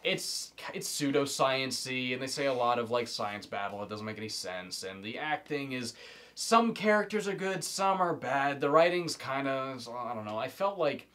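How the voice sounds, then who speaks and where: A young man chatting casually about movies in a rambling, profane way, getting loud and animated when he rants. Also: medium pitch, moderate pace.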